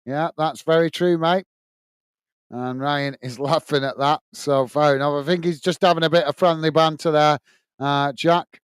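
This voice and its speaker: A man's voice: a little high, fairly even intonation, moderate pace, clean tone, no echo. Chatty Northern English man commentating. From north of England. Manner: chatty, blunt, laughs easily, says mate a lot. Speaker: football watch-along host. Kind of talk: match commentary and reading out viewer chat.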